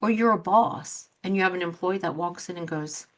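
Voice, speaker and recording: A woman's voice: fairly low pitch, moderate pace, hardly any pauses. A middle-aged woman hosting a talk show as a coach, speaking earnestly and acting out quoted reactions in her examples. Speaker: host and coach. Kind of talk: motivational talk show monologue.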